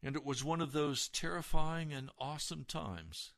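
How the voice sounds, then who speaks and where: A man telling a personal testimony as a sermon, in a dramatic, emotional storytelling manner that rises suddenly into loud peaks. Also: a little high, animated, moderate pace, gravelly. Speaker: preacher.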